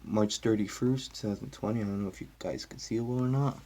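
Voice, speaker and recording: A man's voice: fairly low pitch, fast talker, warm tone. A man filming on his phone and commenting casually in a hurry, muttering to himself. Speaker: toilet video maker. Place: indoor bathroom. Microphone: phone held in hand.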